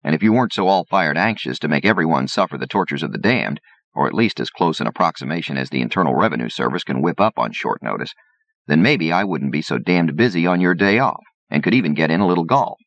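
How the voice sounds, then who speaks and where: A man voicing a brash, quick-tongued male bartender and gambler who talks back, in a cocky, argumentative way, on a dull, lo-fi audiobook recording. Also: a bass voice, lively intonation, a bit bright, heavily acted.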